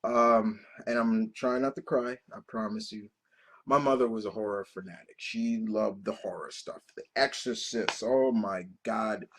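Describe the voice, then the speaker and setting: A man's voice: on the low side, fairly even intonation, unhurried, fairly bright tone. A man in his thirties hosting a reaction video, telling personal stories in a casual, profane and emotional way, full of restarts. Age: 30s.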